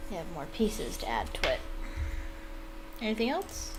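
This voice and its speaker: A woman's voice: fairly low pitch, big pitch swings, moderate pace, pauses often, a little hiss or hum. A woman giving casual commentary while playing a video game, thinking aloud with fillers and laughing easily. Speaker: let's play gamer.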